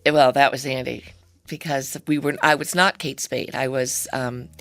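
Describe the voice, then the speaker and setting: A middle-aged woman with a low voice tells her founding story in a relaxed, chatty way. She laughs easily and slips into her relatives' voices as she talks. Faint music sits under her voice. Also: moderate pace. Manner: chatty, laughs often, acts out quoted voices. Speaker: guest, handbag company founder. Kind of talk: conversational interview storytelling.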